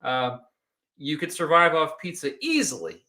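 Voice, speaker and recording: A man hosting a laid-back livestream, talking with a bright, forceful edge in a slightly high voice. He jokes around easily and sometimes talks with his mouth full. He is in his thirties and comes from Kansas. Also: moderate pace. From Kansas, United States. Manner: relaxed, joking, eats while talking. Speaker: YouTube host. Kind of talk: casual livestream chat.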